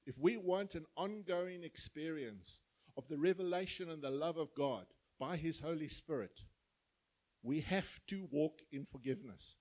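A man's voice: on the high side, measured pace, a little mellow, low-quality recording. A man preaching a sermon, telling parables and acting out the voices of their characters. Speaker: pastor. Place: church.

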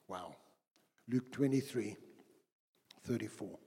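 A man preaching a sermon as pastor, dramatic, slowing for quotes and quickening in anecdotes. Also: medium pitch, expressive. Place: church hall. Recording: husky voice in a long-reverb church hall.

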